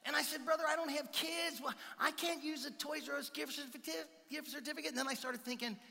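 A male pastor telling a personal story in a sermon, animated, swinging between loud outbursts and hushed quiet passages. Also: very high voice, fast talker, gravelly, in a large hall.

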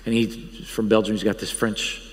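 A man's voice: fairly low pitch, flat delivery, moderate pace. A man who leads a Bible college, preaching a guest sermon with earnest, emphatic appeals and frequent restarts. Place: church sanctuary. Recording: long church hall reverb.

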